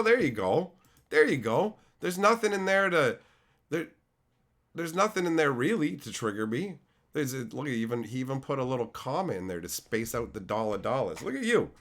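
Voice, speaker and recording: A middle-aged man live-streaming, who is sick and losing his voice, loudly and profanely mock-insulting his chat. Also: mid-range voice. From Canada. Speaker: card-opening streamer.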